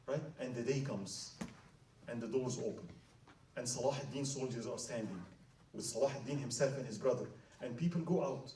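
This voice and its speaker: Mellow-voiced man lecturing in echoey hall. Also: on the high side, fairly quick. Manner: dramatic, asks the audience "right?". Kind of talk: storytelling lecture. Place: Islamic center hall. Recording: roomy hall, mic at a distance.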